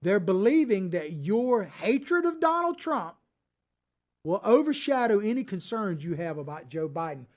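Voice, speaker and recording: A man's voice: high voice, sing-song, measured pace. Combative male political commentary host. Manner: combative, swings from loud outbursts to quiet asides. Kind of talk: opinion commentary monologue.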